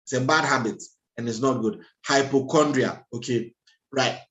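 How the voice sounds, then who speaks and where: A man, a doctor giving a lively health lecture over a video call, laughing at himself and acting out everyday scenes. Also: mid-range voice, moderate pace, roomy sound, rough recording.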